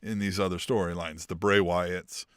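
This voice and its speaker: A man co-hosting a casual wrestling podcast, excitable and profane as he retells scenes with big swings in his voice. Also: low-pitched, normal speed, clean tone, no echo, clean studio sound. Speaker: podcast co-host.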